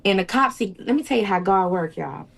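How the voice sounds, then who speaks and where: A woman's voice: mid-range voice, lively intonation, brisk, gravelly, fairly bright tone. A young woman, an interview guest recounting a personal ordeal in a tumbling, repetitive way. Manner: tumbling storytelling, quotes others in voices, repeats and restarts. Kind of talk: emotional personal account.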